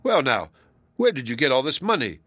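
Man voicing brutal greedy villager, loud threats, bright hard tone. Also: medium pitch, sing-song, brisk, no room sound. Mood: threatening.

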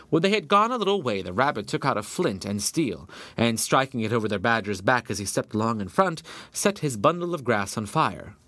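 A man narrating a storybook folktale in a steady, measured way. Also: fairly low pitch, no room sound.

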